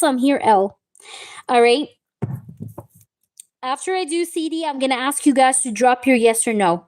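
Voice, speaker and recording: A woman's voice: on the high side, darkish tone. Chatty woman tarot reader on a live stream. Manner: chatty, reassuring, calls viewers babe and baby girl. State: recovering from a wisdom tooth removal. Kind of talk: live-stream chat with viewers.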